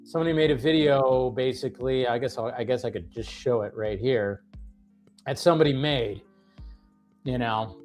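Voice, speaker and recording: A man's voice: mid-range voice, moderate pace, darkish tone, faint music behind. A man hosting a livestream, ranting casually with many fillers and restarts, sounding exasperated. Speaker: livestream host.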